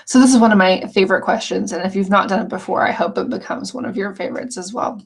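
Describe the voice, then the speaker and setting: A woman's voice: mid-range voice, fast, creaky, slightly rough. A woman teaching an online scrapbooking course, walking through the lessons in an earnest, chatty way with frequent restarts. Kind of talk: casual walkthrough of course lessons.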